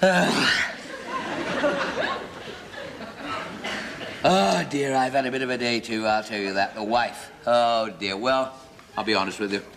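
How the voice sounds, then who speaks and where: A man's voice: mid-range voice, normal speed, background noise, close to an everyday voice. An actor playing a fussy, chatty pub landlord in a 1970s sitcom, chattering and laughing at his own jokes. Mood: confiding. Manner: chattering, giggling, self-amused. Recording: studio audience laughter.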